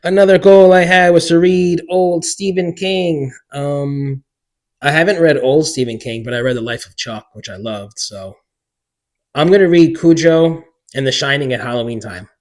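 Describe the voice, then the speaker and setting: A man in his forties, a book vlogger, chatting casually to camera in an excitable way with many filler words. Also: on the high side, normal speed. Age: 40s.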